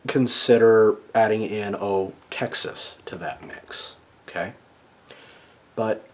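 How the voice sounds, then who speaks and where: A man with a fairly low voice talks through ideas in a casual, lecturing monologue. He keeps checking in with his listener with an "okay?" after nearly every point. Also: a little hiss or hum. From United States. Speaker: video essayist.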